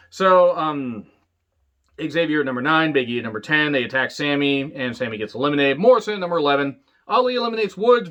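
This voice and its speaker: A man's voice: a little high, a bit bright. A man reviewing a wrestling show in a casual solo monologue, sarcastic and profane, with rambling asides. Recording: dull lo-fi audio.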